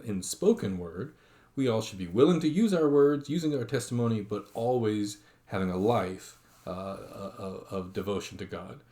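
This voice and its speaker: A man's voice: fairly low pitch, mellow. A man giving an online lecture, reading quotations aloud with frequent fillers and restarts.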